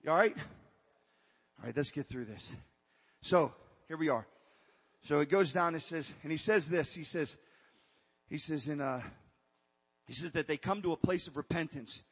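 High husky guy preaching, calls back at the crowd, echoey hall, kinda muffled. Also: unhurried, long pauses. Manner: call-and-response preaching that builds to shouting. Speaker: pastor. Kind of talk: sermon. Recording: reverberant hall, dull lo-fi sound.

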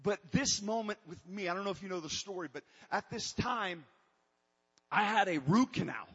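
A man's voice: high-pitched, animated, normal speed, a bit bright, husky, in a large hall, muffled recording. A man preaching a sermon to his congregation in an emphatic way, breaking off and restarting as he calls out to them. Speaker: pastor.

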